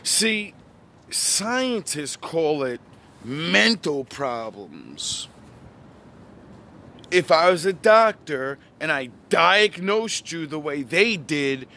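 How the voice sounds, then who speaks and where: Man, high gravelly voice, bright tense tone, slow profane preachy rant, shouting bursts. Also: a little hiss or hum. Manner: profane and preachy, lecturing the listener; repeats catchphrases and "yous" address. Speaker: online preacher-style commentator. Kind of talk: ranting monologue.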